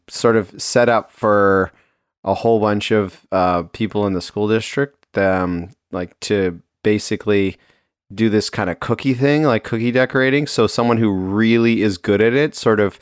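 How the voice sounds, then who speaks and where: A man co-hosting a podcast in casual chat, relaxed and joking, who laughs easily. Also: fairly low pitch, smooth, no echo, clean studio sound. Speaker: podcast co-host.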